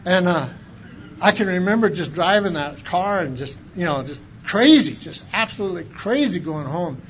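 A fairly high-pitched man tells his recovery story in a folksy, plain-spoken way, rising to loud outbursts and then dropping to a hush. The recording is dull and lo-fi, with a faint hiss behind him. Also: animated, normal speed. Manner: folksy, colloquial storytelling, swinging from loud to hushed. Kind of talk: personal recovery testimony.

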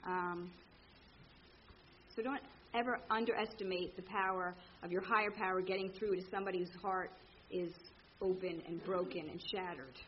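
A woman telling her recovery story to a meeting, candid and animated, acting out the people in it. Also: fairly low pitch, moderate pace, dull audio, slight background noise. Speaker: speaker sharing at a recovery meeting. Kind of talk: personal story told to a meeting.

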